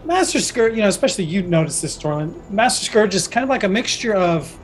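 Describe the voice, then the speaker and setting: A man's voice: sits high, lively intonation, quick pace, soft background music, rough recording. A man narrating as game master of a tabletop game, rambling with lots of restarts. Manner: rambling, full of fillers and restarts.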